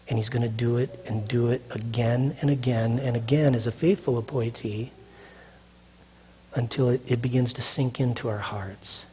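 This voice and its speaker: A man's voice: mid-range voice, steady tone, moderate pace, mellow, a little hiss or hum. A male pastor preaching a sermon, emphatic and repetitive, asking the audience questions and answering them himself. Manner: emphatic, repeats phrases, asks the audience questions. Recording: long hall reverb.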